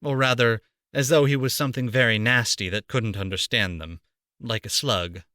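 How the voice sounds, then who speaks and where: A man reading a storybook aloud for children, playful and animated, on a close home mic. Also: medium pitch, moderate pace, no echo. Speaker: amateur voice actor reading aloud.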